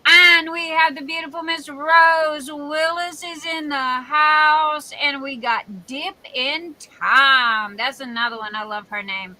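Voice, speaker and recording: Woman, Southern accent, high voice, bright tone, chatty live-stream host, warm greetings to viewers. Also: slow pace, hardly any pauses, poor audio. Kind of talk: casual live-stream chat.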